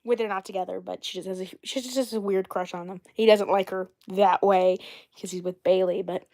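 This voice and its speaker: A woman hosting a casual doll livestream, rambling and often clearing her throat. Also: medium pitch, steady tone, fairly quick, dark tone. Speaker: doll channel host.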